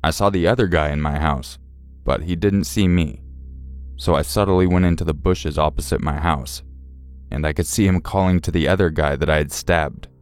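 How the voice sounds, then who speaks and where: A man telling a first-person horror story in a tense, dramatic storytelling manner. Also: extremely low pitch. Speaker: narrator. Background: faint music.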